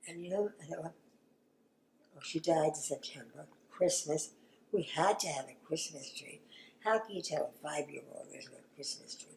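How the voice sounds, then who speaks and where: Low-voiced older woman, hushed and reflective. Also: gravelly, reverberant, a little hiss or hum, rough recording. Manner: reflective, halting, often sinking to a hushed whisper. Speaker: grandmother recalling family history. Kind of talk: oral history interview.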